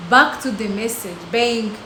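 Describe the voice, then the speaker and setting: A woman delivers scripted reaction commentary, slow and deliberate, her voice a touch high. The room is echoey and a loud hiss runs under the recording. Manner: slow, measured, explanatory.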